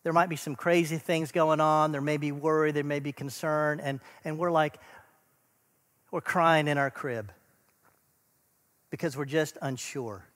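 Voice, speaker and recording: A middle-aged man preaching a sermon, earnest, building to emphatic lists and then dropping to a soft, quiet close. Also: fairly high pitch, steady tone, a little slow, pauses often, in a large hall. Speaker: pastor.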